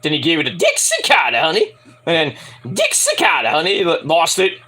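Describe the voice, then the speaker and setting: A young man casually rambling through a wrestling show review, breaking into shouted impressions of the wrestlers. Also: on the high side, fairly quick. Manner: rambling, animated, mimics wrestlers in shouted bursts.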